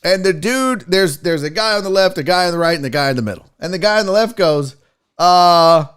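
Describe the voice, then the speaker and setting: A man's voice: high voice, lively intonation, fast, a bit bright, clear, resonant tone. A man hosting a casual sports talk show, rambling and joking with frequent profanity. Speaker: host.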